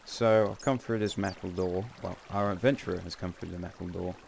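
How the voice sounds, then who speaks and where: A man's voice: sits low, fairly even intonation, brisk, vocal fry, a little mellow, slight background noise. A man giving casual, rambling gameplay commentary with wry asides and frequent self-corrections. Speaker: game channel host.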